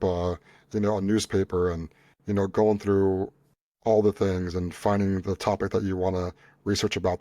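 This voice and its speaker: A man with a low voice co-hosts a podcast, making blunt, emphatic points and joking along the way. His voice sounds close and dry, with no room echo. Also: darkish tone. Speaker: podcast co-host. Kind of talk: casual chat.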